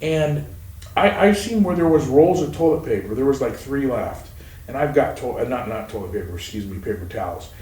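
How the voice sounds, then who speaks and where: A man's voice: medium pitch, animated, brisk, darkish tone. A man hosting a casual podcast chat, rambling and swearing freely as he talks. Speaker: podcast host. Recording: roomy echo, mic at a distance, faint noise.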